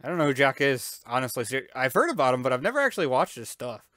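A gaming YouTuber doing let's-play commentary, loud and excitable, with playful yelps, silly noises and sound effects. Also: medium pitch, fast, no room sound, clean studio sound.

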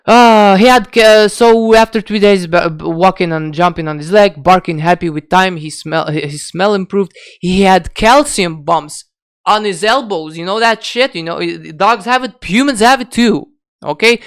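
Profane, blunt man with a smooth voice. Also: high voice, normal speed. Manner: profane, blunt, many restarts and fillers. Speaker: diet vlogger. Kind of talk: unscripted rant to camera.

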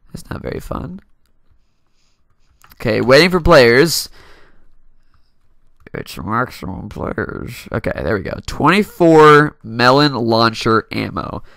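Young male gameplay commentator, bright, animated delivery, playful and teasing, dry close-mic sound. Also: mid-range voice, gravelly, no echo. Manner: playful, laughs often, talks to opponents. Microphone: desk mic.

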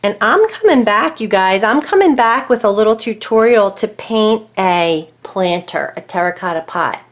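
Animated and medium-pitched at a moderate pace, a woman leads an easygoing crafting tutorial from home. She thinks aloud over her choices, talks to herself and her dogs, and sometimes softens to murmurs.

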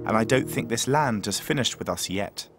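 A man presenting and narrating an expedition documentary in a measured, steady way. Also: medium pitch. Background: background music.

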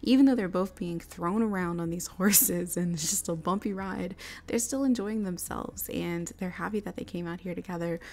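A woman's voice: lowish voice, moderate pace, a little mellow. A young woman casually narrating her life-sim game play, chatty and often laughing. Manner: chatty, giggly, bubbly.

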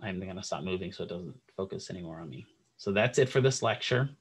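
Casual lower-voiced male lecturer. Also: lively intonation, quick pace, slightly rough, low-quality recording. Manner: casual, conversational, frequent "right?" check-ins. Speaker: instructor. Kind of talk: recorded classroom lecture. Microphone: computer microphone.

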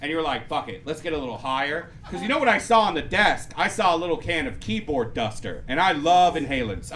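A man telling a loose, rambling stand-up story on stage, breaking into loud punchlines. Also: fairly high pitch. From Persian heritage. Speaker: stand-up comedian. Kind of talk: stand-up comedy set. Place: comedy club before a live audience. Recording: live club audience laughter.

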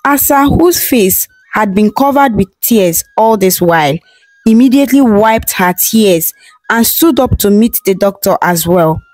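Slow, even female folktale narrator. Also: mid-range voice, dry recording, soft background music. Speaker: storyteller.

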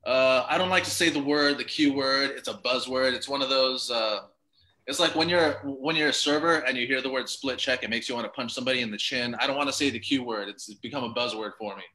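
Bright-voiced laid-back profane male comic. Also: mid-range voice, brisk, rough recording. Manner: laid-back, profane, self-mocking storytelling. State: a bit drunk. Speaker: stand-up comic on a video call show. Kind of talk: rambling stand-up set. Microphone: video call.

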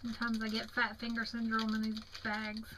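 Yawning and tired, a young Southern American crafting vlogger gives a casual, admiring show-and-tell of craft mail at home, stretching out her words. Her fairly high voice has a completely flat delivery, and the background is noisy.

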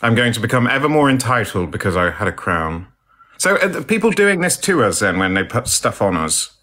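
A man's voice: mid-range voice, big pitch swings, brisk, pushed and bright. Posh theatrical man. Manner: posh, theatrical, self-mocking with old-fashioned words. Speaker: live stream co-host. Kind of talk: casual live chat reading comments.

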